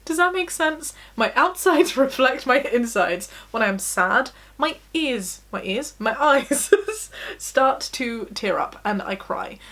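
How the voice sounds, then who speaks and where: A woman's voice: a little high, lively intonation, slow pace, fairly bright tone. A young woman vlogging candidly from her bedroom, self-deprecating and laughing often as she talks. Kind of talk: personal confessional vlog.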